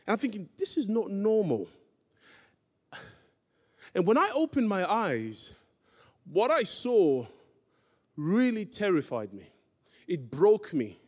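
A preacher with a high voice for a man delivers a sermon in a church hall. He tells his story with emphasis, acting out each voice in the dialogue. A long reverb trails every phrase. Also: huge pitch swings, unhurried, pauses often.

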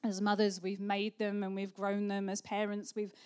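A woman's voice: medium pitch, completely flat delivery, moderate pace, a little mellow, smooth. A woman, a pastor telling a family story in a chatty sermon with frequent ums.

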